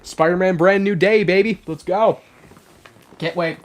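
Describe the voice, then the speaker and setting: A young man chatting casually on a live stream and reading chat aloud. He is sick and his voice sounds rougher than usual. He is chatty and excitable, with lots of fillers. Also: sits high, unhurried.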